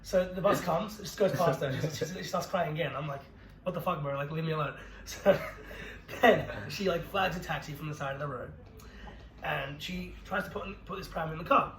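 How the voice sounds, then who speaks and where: A young man co-hosting a podcast, telling a story in casual chat, swearing freely and laughing through it. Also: fairly high pitch. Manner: brisk, profane, laughs through his own story. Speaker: podcast co-host. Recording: roomy echo with faint noise.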